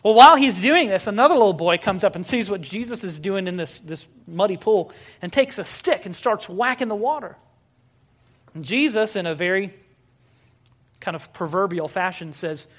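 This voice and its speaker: A pastor delivers a sermon in a chatty, story-driven style laced with dry humor, posing rhetorical questions to the congregation and frequently pausing on filler sounds. His voice sits at medium pitch and is expressive.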